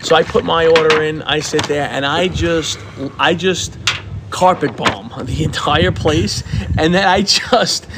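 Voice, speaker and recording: A man's voice: fairly high pitch, a little slow, noisy background. A man co-hosting a podcast, boastfully telling crude stories and laughing at himself. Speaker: podcast co-host. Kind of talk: casual chat.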